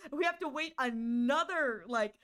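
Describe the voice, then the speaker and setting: A woman streaming into a condenser mic, telling a story in a casual, animated and exasperated way, swinging between quick bursts and drawn-out words. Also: high voice. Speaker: streamer and voice actor.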